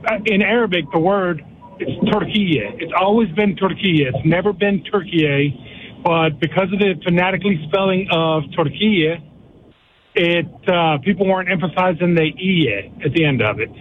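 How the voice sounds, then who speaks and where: A man's voice: sits high, moderate pace, a little hiss or hum. An older man calling in to a sports radio show, earnest and eager, repeating himself as he talks. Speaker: caller. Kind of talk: phone-in call. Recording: tinny phone line.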